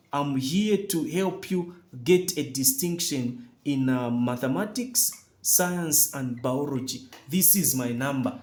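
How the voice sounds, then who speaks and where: Man, tutor, slightly high voice, echoey room, repetitive, emphatic, talks straight to viewers. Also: darkish tone. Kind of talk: chemistry lesson walkthrough.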